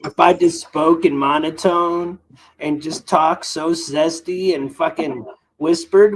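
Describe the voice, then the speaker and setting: A man streaming live reactions, talking loud and emphatic in a combative, profane way. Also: fairly high pitch, fairly even intonation, takes it slowly, rough recording. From Italian heritage.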